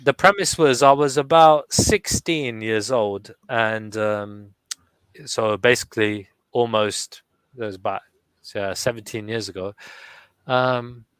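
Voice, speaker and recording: A man in his thirties reading his own poem slowly and chatting with some hesitant restarts. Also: mid-range voice, fairly bright tone, smooth, no echo, poor audio. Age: 30s. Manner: slow deliberate recitation, hesitant restarts in chat. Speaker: poet reading his work. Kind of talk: casual online chat and poetry reading.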